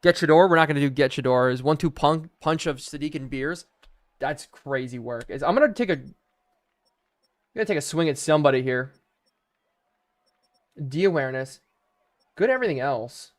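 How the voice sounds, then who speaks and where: A man's voice: on the high side, lively intonation, normal speed, long pauses. A young man live-streaming a video game, chatting to viewers and thinking aloud as he plays.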